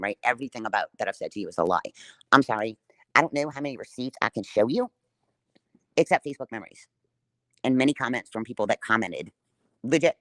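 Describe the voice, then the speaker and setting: A woman's voice: a bass voice, a bit bright, no room sound. A woman livestreaming a defiant, profane rant straight at her viewers.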